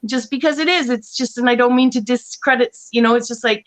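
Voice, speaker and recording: A woman's voice: fairly high pitch, brisk, fairly bright tone. A woman talking casually on an online panel, rambling with many restarts and frequent laughs. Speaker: panel guest.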